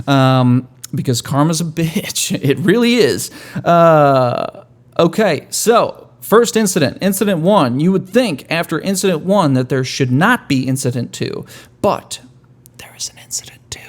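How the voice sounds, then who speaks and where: A man hosting a podcast in a casual monologue, rambling and profane with wry, dark humor. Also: medium pitch. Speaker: podcast host.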